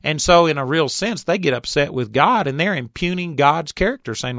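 A man in his fifties giving an earnest Bible teaching, reading scripture slowly and deliberately, on a recorded tape. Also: on the high side, lively intonation, fairly bright tone, no room sound. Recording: dull, dry tape recording.

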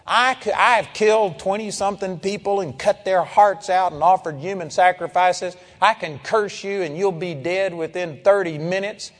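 Man doing a sneering boastful drifter, high voice, long hall reverb. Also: normal speed, hardly any pauses, a bit bright. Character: surly drifter man bragging of dark powers.

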